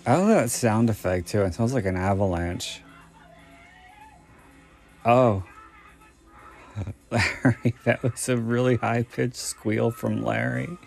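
A man's voice: medium pitch, slow, vocal fry, long pauses, soft background music. A man hosting a podcast, giving casual movie commentary in a meandering, think-aloud way. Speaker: podcast host.

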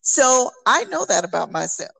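A woman co-hosting a podcast, talking reflectively in a halting way with many restarts. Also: a little high, big pitch swings, vocal fry, pushed and bright. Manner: reflective, halting, many restarts and "you know what I'm saying". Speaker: podcast co-host. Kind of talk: candid casual chat.

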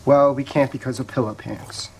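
A man delivering a crude, deadpan comedy skit from an album. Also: medium pitch, moderate pace, vocal fry, a little hiss or hum.

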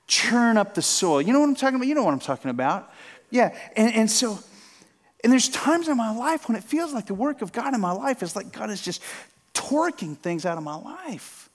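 A man delivers a sermon from a church platform. His voice sits high for a man, and he speaks earnestly. He restarts and repeats phrases as he builds toward a point. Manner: earnest, repeats phrases, rising and falling intensity. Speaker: pastor. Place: church sanctuary.

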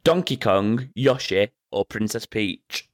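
A man's voice: fairly low pitch, animated, takes it slowly. A man hosting a casual quiz with friends, reading out questions and making sarcastic, sweary asides. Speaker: quizmaster.

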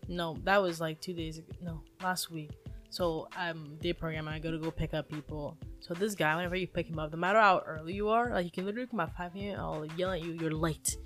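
A woman co-hosting a casual podcast among friends, telling a story with lots of swearing and acted-out shouting. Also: fairly low pitch. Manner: animated storyteller, swears freely, acts out shouting. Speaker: podcast co-host.

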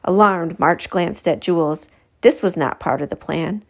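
Gravelly-voiced woman reading aloud. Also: on the low side, measured pace. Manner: expressive, self-correcting. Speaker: teacher. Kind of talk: reading a children's novel aloud.

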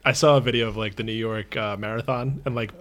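A man's voice: on the low side, fairly even intonation. A young man hosting a casual podcast, rambling easily and laughing often. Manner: easygoing, rambling, quick to laugh. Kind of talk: casual chat.

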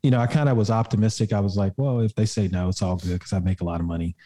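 A man's voice: lowish voice, steady tone, very fast, warm tone. A young adult man, a podcast guest and fitness coach, telling a personal story in a casual way, with lots of fillers and some swearing.

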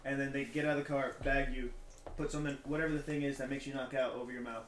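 A man's voice: medium pitch, steady tone, fast talker, a loud crowd. A young man co-hosting a casual podcast, playful and teasing, spinning silly made-up scenarios. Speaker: podcast co-host. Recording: roomy echo, faint noise.

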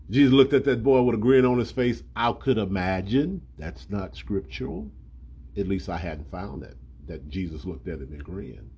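A man's voice: on the low side, animated, normal speed, warm tone, breathy edge. A man preaching a sermon in a colloquial, emphatic way, acting out scripture.

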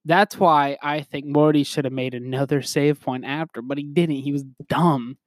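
A man's voice: on the high side, fairly even intonation, normal speed, dry recording, studio quality. A man hosting a podcast, rambling in casual chat, full of "like" fillers and chuckles. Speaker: podcast host.

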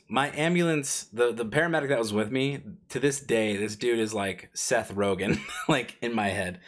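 A man co-hosting a podcast, telling a personal story casually, full of fillers and chuckles. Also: medium pitch. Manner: rambling, filler-heavy, laughs while telling. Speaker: podcast co-host.

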